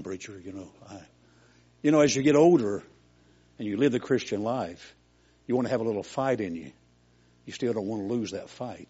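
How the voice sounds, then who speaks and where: Older guy preaching, folksy and plainspoken, raspy voice, muffled old recording. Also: fairly low pitch, warm tone. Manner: folksy, homespun storytelling. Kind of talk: sermon.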